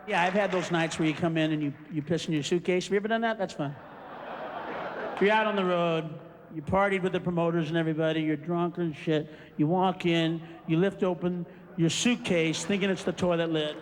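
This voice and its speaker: A man's voice: sits high, fairly quick, long reverb tail. A male stand-up comedian ranting and screaming through a routine on a club stage, acting out scenes. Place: club stage before a live audience. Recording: live show with loud crowd and noise.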